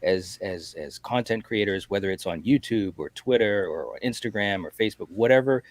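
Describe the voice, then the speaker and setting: A man co-hosting a casual livestream chat, talking in an animated way with stammering restarts. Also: lowish voice, moderate pace, no echo. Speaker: livestream co-host.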